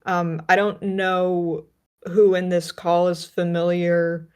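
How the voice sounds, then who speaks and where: Slow-talking low-voiced woman chatting. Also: flat delivery, a little mellow, smooth. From United States. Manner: chatty, many fillers and restarts. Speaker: podcast co-host. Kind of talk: casual film discussion. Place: remote call.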